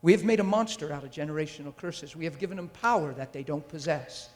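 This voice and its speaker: Male preacher, high-ish voice, fiery and emphatic, long hall reverb on the mic. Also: quick pace. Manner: intense and emphatic, with rhetorical questions to the audience. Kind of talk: sermon. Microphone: handheld or stand mic.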